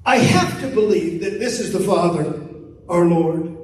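A middle-aged man preaching as a pastor, swinging from hushed lines to loud calls and asking for amens. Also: high voice, animated, a little slow, very echoey, recorded from a distance, slight background noise, poor audio. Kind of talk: sermon. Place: church sanctuary.

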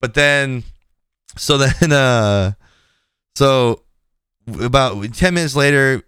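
On a podcast in a studio, a man with a mid-range voice tells a casual story about a clash at work, slowly and frankly, acting out each person's lines in dialogue. He sounds animated, and the recording is clean, studio quality, with no echo.

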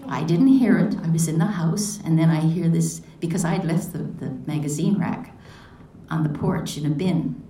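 A woman's voice: deep voice, moderate pace, mellow, slight background noise. Reflective woman in an echoey room. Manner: reflective, asks many questions. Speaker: devotional speaker. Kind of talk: personal devotional talk. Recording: echoey room, mic at a distance.

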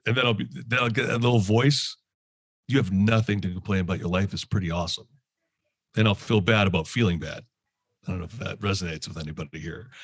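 Husky Canadian-raised man, animated talk. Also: on the low side, dry recording. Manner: animated, laughs often, acts out his inner voice. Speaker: guest speaker. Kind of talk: candid reflective talk.

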